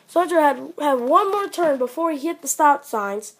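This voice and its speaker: A woman narrating an improvised toy train story in a halting, play-along way. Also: sits high, expressive.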